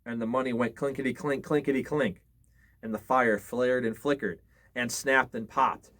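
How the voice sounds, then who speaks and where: A man's voice: mid-range voice, fairly even intonation, normal speed, a bit bright. A man reading scary stories aloud, expressively and with small slips. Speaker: storyteller.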